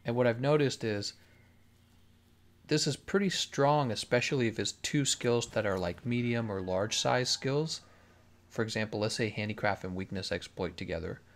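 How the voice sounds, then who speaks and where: A man gives relaxed live-stream commentary as he plays, picking up questions from chat and mulling them over aloud. His voice sits at an ordinary middle pitch with a gravelly, creaky edge. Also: moderate pace. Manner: laid-back, reads chat questions aloud and muses on answers. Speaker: game streamer. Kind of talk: casual live-stream commentary while playing.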